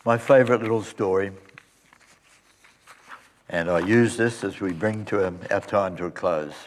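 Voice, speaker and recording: A male pastor telling a story at the close of a sermon and leading a quiet prayer. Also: on the low side, moderate pace, slight background noise. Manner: storytelling, then soft reverent prayer.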